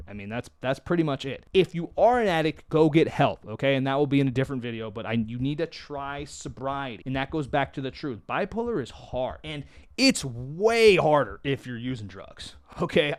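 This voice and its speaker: A man talking openly to camera in a vlog, candid and self-deprecating, moving between loud emphasis and quiet asides. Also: mid-range voice, no echo, clean studio sound. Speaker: mental health vlogger.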